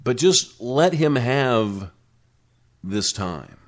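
A man's voice: mid-range voice, very animated, extremely slow. A man hosting a casual solo talk show, rambling and correcting himself as he goes. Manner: rambling, self-correcting, with frequent restarts. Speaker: radio talk show host.

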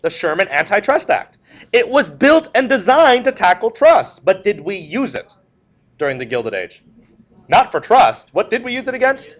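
A man's voice: sits high, big pitch swings, normal speed. A male history teacher giving a classroom lecture. He tells stories with jokes and puts questions to the class. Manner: joking, storytelling, asks the class questions.

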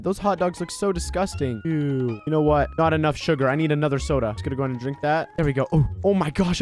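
A man giving excitable let's play commentary as a mischievous baby in a game, full of gasps and exclamations. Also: on the high side. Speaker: gaming YouTuber.

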